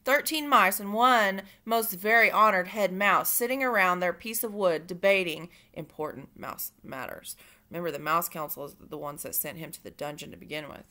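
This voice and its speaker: A woman reading a children's book aloud, expressive and pausing for asides to her listeners. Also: fairly low pitch. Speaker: reader. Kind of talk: storybook read-aloud for children.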